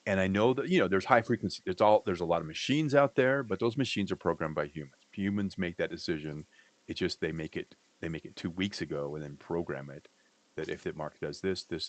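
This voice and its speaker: A man on a livestream, chatting casually and joking, rambling and cutting himself off as he goes. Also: deep voice. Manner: joking, rambling, self-interrupting. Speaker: livestream co-host. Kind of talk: casual trading chat.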